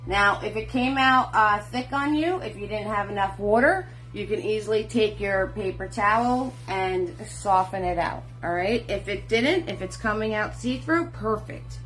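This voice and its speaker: A woman's voice: medium pitch, normal speed, hardly any pauses, a bit bright. A middle-aged woman teaching a live online painting class, chatty and encouraging, greeting viewers by name and calling them sweetheart and hun. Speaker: painting instructor. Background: faint music.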